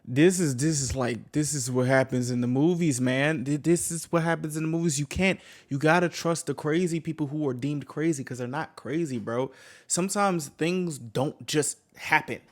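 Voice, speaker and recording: A man's voice: on the high side, normal speed. A man reacting to a video, talking casually and rambling to his viewers in slang. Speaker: reaction streamer.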